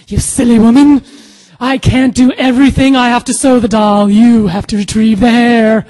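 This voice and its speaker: A woman voicing a smooth, scheming male coworker who gives loud, bossy instructions. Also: fairly high pitch, steady tone, normal speed, long reverb tail, pitched above the performer's own voice, natural voice. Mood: commanding.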